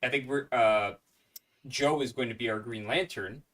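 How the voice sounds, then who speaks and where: A man's voice: mid-range voice, normal speed, a bit bright. A man guest in a streamed comics chat, speculating and thinking aloud with restarts over a call mic. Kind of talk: casual chat.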